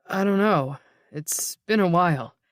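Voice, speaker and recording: A grieving young man in his twenties, tired and shaky, as the audiobook narrator reads him. He keeps his answers quiet and short. The recording is dry and close. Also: medium pitch, unhurried, no echo, lightly acted. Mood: strained. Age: 20s.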